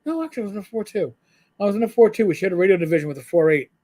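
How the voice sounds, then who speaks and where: Chatty middle-aged man, high-pitched voice. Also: animated, rapid-fire, dark tone. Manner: rambling, stammering restarts, chatty. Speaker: co-host. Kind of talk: casual chat on a live show.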